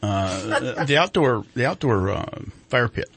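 A man hosting a local radio talk show, speaking haltingly as he searches for words. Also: medium pitch, expressive, fairly bright tone, breathy edge. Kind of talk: casual radio chat.

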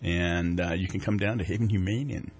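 A man's voice: sits low, steady tone, brisk, darkish tone, a little hiss or hum. A man hosting a TV morning show, chatting casually and telling rambling jokes. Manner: joking, rambling storyteller. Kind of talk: casual chat.

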